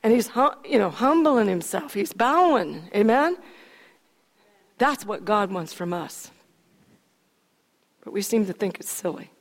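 A woman preacher retelling a story in animated sermon style, asking her listeners questions. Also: mid-range voice, unhurried, pauses often. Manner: animated, acts out scenes, asks the audience questions. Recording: long reverb of a hall.

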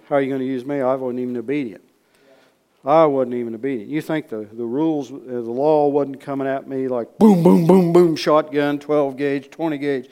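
A man preaching in a storytelling way, folksy and repetitive, swinging from loud re-enactment to hushed asides. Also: medium pitch, smooth. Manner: repeats words, folksy speech. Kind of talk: storytelling sermon.

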